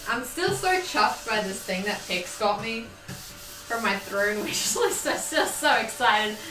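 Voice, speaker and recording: A woman's voice: a little high, lively intonation, measured pace. Bubbly, chatty young woman streamer. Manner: bubbly, chatty, swears casually, baby-talks to her dog. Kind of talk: casual live-stream chat. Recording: echoey room, mic at a distance.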